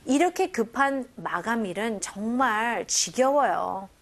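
Woman, high lively voice, bilingual English lesson, slow phrase drills. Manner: animated, drills phrases slowly, laughs between points. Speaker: English teacher.

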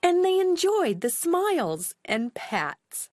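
A woman reading a children's picture book aloud in a slow, expressive, clearly paced way. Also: very high voice, faint music behind. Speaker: storyteller. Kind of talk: children's storybook read-aloud.

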